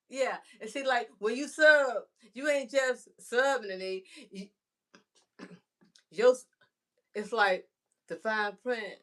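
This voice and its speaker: A woman's voice: fairly high pitch, pushed and bright. A chatty woman sharing homespun thoughts on faith with her viewers in a casual vlog. She talks in a rambling way and keeps looking for the right words. She often checks in with "right?" and talks straight to the listener. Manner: rambling, searching for words, frequent "you know" and "right?". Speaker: vlogger.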